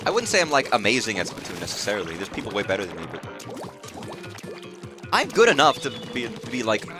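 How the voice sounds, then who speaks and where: A man's voice: fairly low pitch, wildly swooping pitch, fast, over music. A man giving casual, profane, rambling commentary while streaming a video game live. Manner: rambling, profane, restarts phrases.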